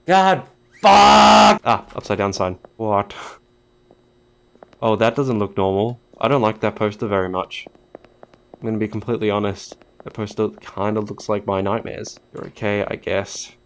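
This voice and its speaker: Low-ish guy doing let's play commentary, jokey, cussing, talking to the game people. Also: flat delivery, normal speed. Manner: jokey, swears, talks to game characters. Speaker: gaming YouTuber.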